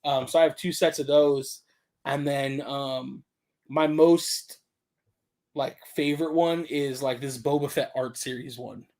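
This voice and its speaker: A man's voice: medium pitch, steady tone, unhurried, a little mellow. A young adult man co-hosting a casual chat stream, talking in a laid-back, rambling way full of fillers. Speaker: co-host.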